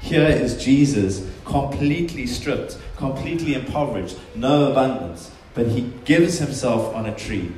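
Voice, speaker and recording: A man's voice: mid-range voice, lively intonation, normal speed, hardly any pauses, darkish tone, a little hiss or hum. A man preaching a sermon, earnest and emphatic, often voicing quotations in a stronger tone. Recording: very echoey room.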